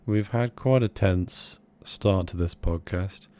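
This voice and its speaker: A young man co-hosting a casual comedy podcast, rambling in a mock-earnest, deadpan way. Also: low-pitched, slow. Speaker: podcast co-host.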